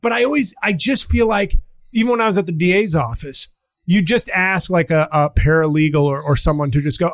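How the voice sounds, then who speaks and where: A man's voice: sits high, fairly quick. A middle-aged man hosting a podcast in casual comedic chat, acting out quotes with shifting voices. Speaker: podcast host.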